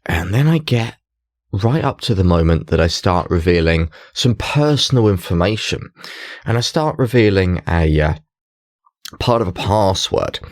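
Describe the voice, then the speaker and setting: A man's voice: low-pitched, unhurried, no echo, studio quality. A man, a mentalist, telling a story on a chatty podcast with lots of laughs. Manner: animated, laughs while telling stories. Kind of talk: casual storytelling chat.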